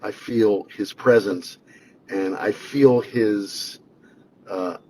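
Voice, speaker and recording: A man's voice: fairly low pitch, extremely slow, a little mellow, slight background noise, poor audio. A man, a singer-songwriter and radio host, speaking a conversational, reflective tribute with fillers. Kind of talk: spoken tribute.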